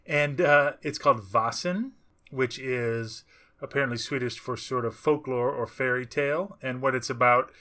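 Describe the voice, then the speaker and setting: Man, bright and crisp, eager podcast co-host. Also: mid-range voice, moderate pace. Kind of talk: casual podcast chat.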